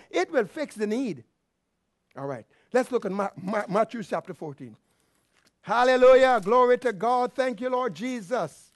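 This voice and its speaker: A man's voice: extremely high pitch, no echo, clean studio sound. A man preaching a sermon as pastor, asking the congregation questions and calling out praise. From Canada. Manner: preaching with call-and-response questions and exclamations.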